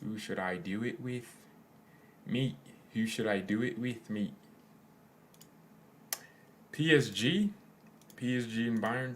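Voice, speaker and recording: A man's voice: mid-range voice, animated, slow pace, pauses often. A young man hosting a fan channel, chatting casually with his viewers in a rambling, joking way. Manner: rambling, joking, trails off into silly asides. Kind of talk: casual live chat with viewers.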